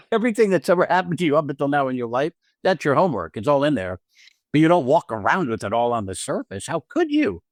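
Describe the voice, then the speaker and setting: A man co-hosting a podcast about acting, chatting in an animated way, acting out quotes and often laughing. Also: fairly high pitch, quick pace, no room sound, studio quality. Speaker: podcast co-host and acting teacher. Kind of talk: casual conversational podcast chat.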